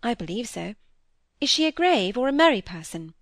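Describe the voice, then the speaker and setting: A woman's voice: a little high, sing-song, moderate pace, no room sound. An eager, candid young girl from a period novel, as a woman narrator voices her. She speaks openly and earnestly, recorded dry and close. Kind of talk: audiobook character reading.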